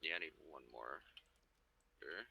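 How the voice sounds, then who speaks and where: A man's voice: extremely low pitch, a little slow, gravelly, pushed and bright, a little hiss or hum, poor audio. A man chatting casually during a multiplayer game, listing the parts he still needs.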